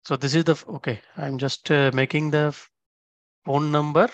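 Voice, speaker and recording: A man's voice: fairly high pitch, steady tone, moderate pace, no room sound, dull audio. A man teaching a programming lesson step by step. He often stops to check in with "okay?". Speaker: instructor. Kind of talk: screen-recorded coding tutorial.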